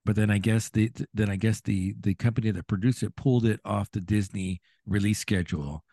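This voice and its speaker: Man, podcast co-host, casual chat, laughs often, low dark voice, dry sound. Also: a little fast, dry recording. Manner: chatty, laughs often, animated pitch swings.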